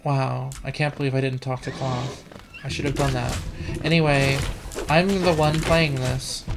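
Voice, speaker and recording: A woman's voice: a bass voice, fairly even intonation, unhurried. A woman hosting a let's play with live gameplay commentary, rambling, profane and self-mocking, practicing a trained feminine voice on a desk computer mic. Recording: keyboard clicks and room noise.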